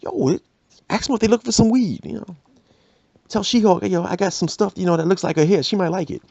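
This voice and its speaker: A man voicing a young street instigator who hypes up drama with excited slang. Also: high-pitched, fast talker, gravelly, slightly rough, dry recording, lo-fi sound, pitched above the performer's own voice, full character voice. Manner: excited slangy hype talk.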